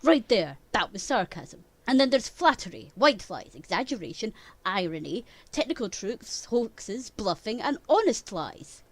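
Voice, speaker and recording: A woman's voice: fairly high pitch, sing-song, a little slow, no echo, pitched above the performer's own voice, full character voice. A woman voicing a theatrical, earnest princely young man who speaks emphatically in a fan audio sketch.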